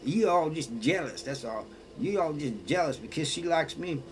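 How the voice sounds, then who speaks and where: A man puts on a boastful young inmate who is sure the nurse likes him. The voice rides a little higher than a normal speaking voice and sounds cocky and pleased with itself. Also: level tone, normal speed, a little mellow, a little hiss or hum, close to an everyday voice. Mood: defensive. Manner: cocky, self-satisfied.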